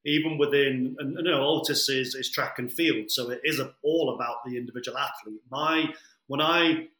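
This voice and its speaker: A man's voice: medium pitch, normal speed, bright, forceful tone. A man from Britain who works as an athletics coach, giving a considered interview answer with many fillers. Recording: echoey room.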